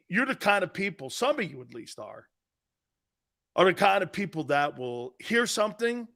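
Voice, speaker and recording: A man hosting a sports talk show, mocking his critics with a combative swagger. His voice sits high and rough, with a bright, sharp edge. It swoops from low grumbles to loud jabs. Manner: mocking, combative, laughs at his own jokes. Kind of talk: brash sports talk rant.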